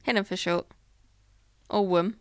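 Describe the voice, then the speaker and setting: A woman's voice: lowish voice, steady tone, no room sound, clean studio sound. A woman in casual chat, tossing out wry quips and jokes as a co-host. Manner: wry, quick quips, laughs often. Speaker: podcast co-host.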